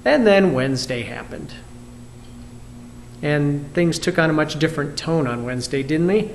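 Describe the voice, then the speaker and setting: A man's voice: a little high, lively intonation, normal speed, creaky, slight background noise. A pastor from the United States giving a candid, reflective video sermon and asking his listeners questions. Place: church.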